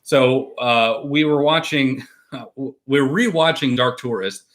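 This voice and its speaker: A man's voice: mid-range voice, takes it slowly, a bit bright. A man hosting a casual live stream, rambling and reading viewer comments aloud. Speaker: host.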